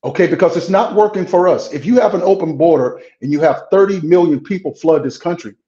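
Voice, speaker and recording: A blunt, plain-spoken man sits for a political interview, talking frankly and tripping over fillers as he pushes his points. His voice sits a little high for a man. The audio is roomy and echoey, with a dull, lo-fi edge. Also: fairly quick, dark tone. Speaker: pastor and congressional candidate.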